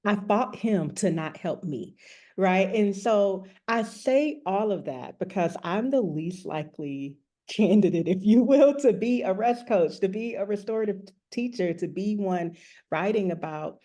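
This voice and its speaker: A woman's voice: medium pitch, lively intonation, measured pace, dark tone. A woman who works as a rest coach and author, frankly and earnestly telling a personal story as an interview guest.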